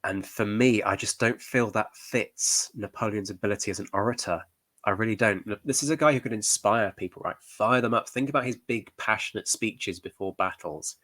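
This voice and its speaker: A man's voice: fairly low pitch, moderate pace, a bit bright, dry recording. A male historian giving reaction commentary, thoughtful and hedging, with frequent fillers.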